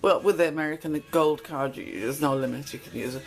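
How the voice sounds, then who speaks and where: A woman's voice: low voice, fairly quick, soft background music, rough recording. A middle-aged woman telling stories from her past in a casual, blunt monologue. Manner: chatty, blunt, acts out quoted exchanges. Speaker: channel host.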